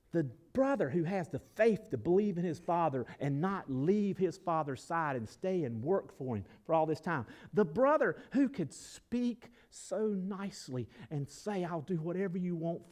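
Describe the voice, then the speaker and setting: A male pastor in full sermon mode with a fairly high voice. He swoops wildly in pitch, climbing loud and emphatic before dropping to quiet reflection. He often calls out to the congregation for answers.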